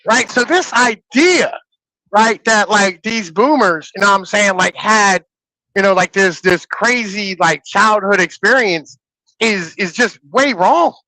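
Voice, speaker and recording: A man in his thirties talking in a casual, animated and profane way on a podcast, often asking "you know what I'm saying". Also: high voice, unhurried, dry recording, low-quality recording.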